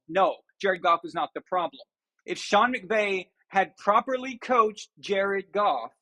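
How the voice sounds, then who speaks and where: A man's voice: high voice, a bit bright. A man hosting a sports talk show, ranting and sarcastic. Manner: ranting, sarcastic, mocking impressions. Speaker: show host.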